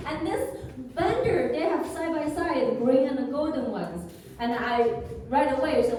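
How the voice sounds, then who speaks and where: High-voiced Chinese-accented woman doing stand-up. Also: unhurried, a little hiss or hum. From China. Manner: animated storytelling with frequent laughter. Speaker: stand-up comedian. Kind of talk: stand-up comedy set. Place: live comedy venue. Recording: echoey room from far off.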